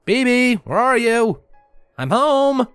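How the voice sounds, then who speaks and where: A man voicing a worried young father who speaks in a soft, soothing way and calls out anxiously. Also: medium pitch, animated, takes it slowly, gravelly, breathy edge, dry recording, studio quality, soft background music, voice pushed up, exaggerated voice. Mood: worried calling. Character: worried young adult father, gentle and protective. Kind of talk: fanfiction audiobook reading.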